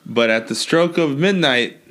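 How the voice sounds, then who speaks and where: A man's voice: mid-range voice, animated, measured pace, a bit bright. A man voicing a wisecracking male god with a New York accent who talks in a breezy, deal-making way. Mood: wheeling-dealing.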